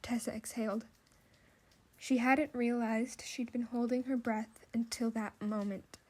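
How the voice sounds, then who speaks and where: A woman narrating an audiobook in measured, scripted storytelling. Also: a little high, flat delivery, a little mellow.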